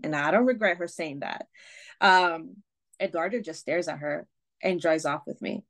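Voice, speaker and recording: A woman's voice: fairly low pitch, moderate pace, a bit bright. A woman guest on a podcast, telling a personal story candidly, with swearing, fillers and restarts. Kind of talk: casual storytelling.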